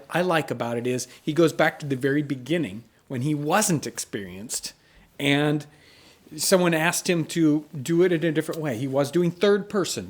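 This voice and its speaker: Higher-voiced male host commenting. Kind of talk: casual commentary.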